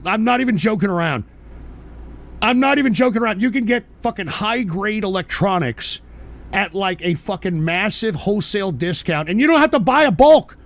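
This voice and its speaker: A man with a high, gravelly voice rants on his internet radio show. He is profane and combative, keeps pushing tag questions at his listeners, and suddenly shouts. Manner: repeats insistent tag questions. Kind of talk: live-streamed ranting monologue.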